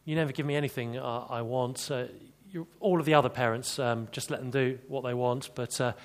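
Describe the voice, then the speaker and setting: A man's voice: medium pitch, fairly even intonation, fairly quick, pitched below the performer's own voice, natural voice. A man playing a sulky, resentful teenager complaining to a parent within a sermon.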